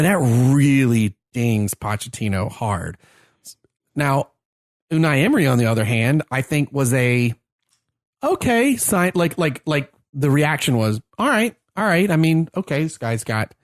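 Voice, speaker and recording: A man's voice: mid-range voice, dry recording, clean studio sound. A man co-hosting a podcast, chatting casually and rambling through his sports opinions with lots of restarts. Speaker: podcast co-host. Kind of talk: casual chat.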